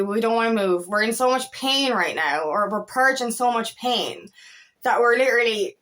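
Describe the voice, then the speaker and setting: A young woman talks to her viewers as a spiritual coach in a loose, rambling manner, circling back and repeating herself. She sounds tired and emotional. Her voice sits a little high. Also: a bit bright. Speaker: feminine empowerment coach. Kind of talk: casual spiritual talk to camera.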